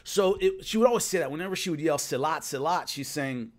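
A man's voice: high voice, animated, quick pace. A man casually telling a long rambling story about filming, with many restarts. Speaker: host recalling filming a fight show.

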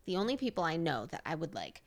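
A woman co-hosting a casual podcast chat, retelling a horror movie with animated, playful storytelling. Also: deep voice, quick pace. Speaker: podcast co-host.

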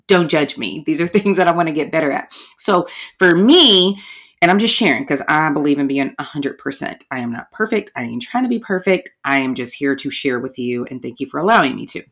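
Casting: low-pitched woman, chatty solo podcast host, candid and conversational. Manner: chatty, candid, addresses listeners as y'all. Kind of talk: casual podcast monologue.

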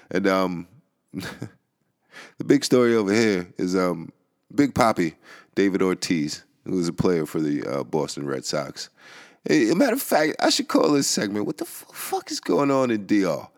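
A man's voice: deep voice, very animated, a little slow. A man hosting a podcast, ranting casually, laughing often and swearing as he rambles. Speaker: podcast host. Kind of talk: casual rant. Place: New York.

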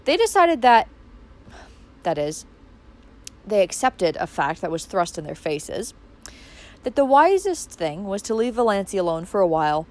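Expressive woman narrating an audiobook. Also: lowish voice, normal speed. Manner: expressive, wide-ranging delivery.

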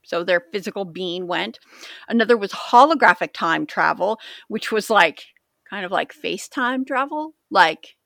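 Bright, chatty woman podcast host. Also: medium pitch, expressive, moderate pace, vocal fry, no echo, studio quality. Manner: rambling, jokey, stumbles over words. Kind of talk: casual chat.

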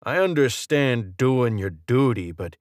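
An audiobook narrator putting on a gruff tough guy who growls a slow threat. The voice is louder and harder than the reader's own. It sits dry and close to the mic. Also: mid-range voice, expressive, no room sound, lightly acted. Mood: menacing.

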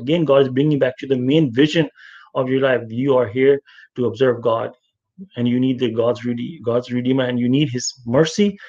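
An earnest man guides a religious study session. His voice sits at an ordinary middle pitch, and he circles back over phrases for emphasis. The sound is dull and lo-fi, like an online voice call. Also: darkish tone. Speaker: study group leader. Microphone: online voice chat.

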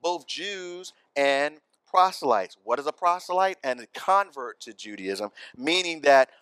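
A man's voice: a little high, expressive, a little slow, fairly bright tone, clear, resonant tone, dry recording. A man preaching a sermon in church, conversational and often asking the congregation questions. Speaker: pastor.

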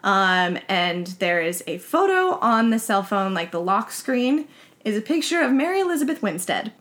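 A woman's voice: mid-range voice, sing-song, normal speed, fairly bright tone. A woman co-hosting a casual podcast, recapping a film in a loose, chatty way with plenty of "like" and "um". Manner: chatty retelling with many fillers.

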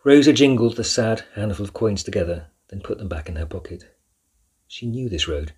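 Male audiobook narrator, deep voice, husky, measured storybook reading. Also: darkish tone.

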